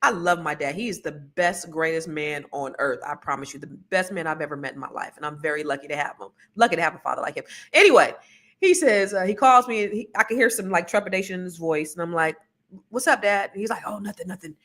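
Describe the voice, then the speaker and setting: A woman talking casually on a podcast, chatty and energetic, breaking into laughs and quick side notes. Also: on the low side. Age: adult with children. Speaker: podcast co-host.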